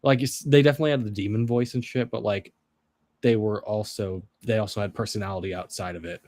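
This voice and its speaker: A man's voice: on the low side, steady tone, quick pace, darkish tone, no room sound. A man co-hosting a stream, talking casually and rambling with laughs. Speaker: stream co-host. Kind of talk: casual chat.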